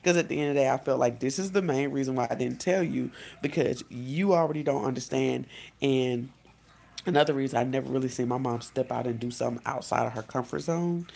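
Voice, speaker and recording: Chatty woman with a gravelly fry. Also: a bass voice, fairly quick. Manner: chatty and animated, addressing viewers as "guys" and "y'all"; frequent "literally" and self-corrections. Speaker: life coach. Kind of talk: casual vlog storytelling.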